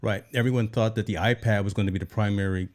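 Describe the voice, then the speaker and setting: A man's voice: lowish voice, fairly even intonation, quick pace. A man hosting a tech show, chatting casually and explaining as he goes, often checking in with "right?". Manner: conversational, explains with repeated "right?".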